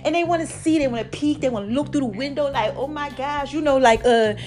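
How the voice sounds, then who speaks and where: Hyped woman podcast host, higher voice. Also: fast, faint music behind. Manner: hyped, expressive, laughs often. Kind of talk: casual podcast monologue.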